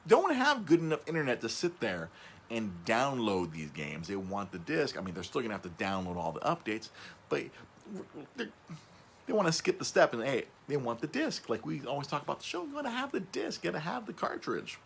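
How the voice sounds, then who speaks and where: A man hosting a casual podcast, rambling, stumbling over and repeating his words, his voice jumping up when he gets excited. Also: medium pitch, fairly quick, creaky, a little hiss or hum. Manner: excitable, voice jumps up on emphasis. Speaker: podcast host.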